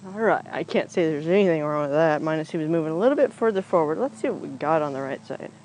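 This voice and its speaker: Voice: mid-range voice, expressive, fast talker, a little mellow, slight background noise, poor audio. A horse trainer working a horse outdoors, explaining each step aloud in a casual, chatty way to a camera set up nearby. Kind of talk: casual explanatory groundwork demo. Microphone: camera set up nearby on the ground.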